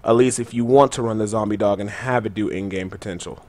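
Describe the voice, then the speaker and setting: A man's voice: fairly low pitch, steady tone, fast, a little mellow, dry recording. A young man giving casual, chatty gameplay tutorial commentary, loose with fillers and gamer slang. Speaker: gaming channel host.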